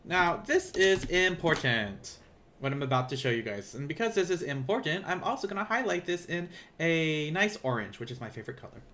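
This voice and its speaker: A man's voice: on the high side, big pitch swings, brisk, pushed and bright, slight background noise. A man with a Southern US accent giving a casual live-streamed language lesson, rambling and self-deprecating as he thinks aloud. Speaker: language teacher. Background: keyboard typing.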